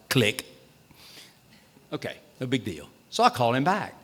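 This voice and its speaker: A man's voice: mid-range voice, wildly swooping pitch, a little slow, long pauses. A man with a Southern accent, a state treasurer, telling humorous, self-deprecating stories at a town hall meeting. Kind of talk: storytelling speech at a town hall. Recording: long reverb in a hall.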